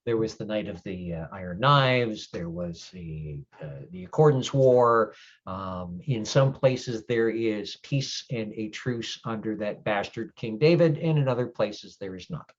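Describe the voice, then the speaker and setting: A man playing a gruff, grumpy older male changeling lord who speaks bluntly and swears in halting explanations. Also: lowish voice, lively intonation, muffled recording. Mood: grave.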